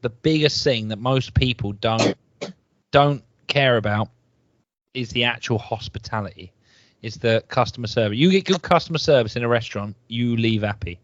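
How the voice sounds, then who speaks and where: A man's voice: mid-range voice, normal speed, dry recording, muffled recording. A man, a chatty podcast co-host who mostly agrees and chimes in. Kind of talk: casual chat.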